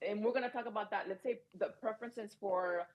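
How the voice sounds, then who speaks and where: A woman's voice: medium pitch, fairly quick, a little mellow, rough recording. A woman from Colombia, a native Spanish speaker with a Colombian accent, animatedly sharing opinions as a podcast co-host. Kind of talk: casual panel chat.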